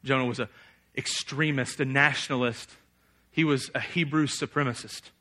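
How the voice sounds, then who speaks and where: A young man preaching a sermon, animated, often acting out a figure's angry prayer in a loud raised voice. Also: mid-range voice, moderate pace.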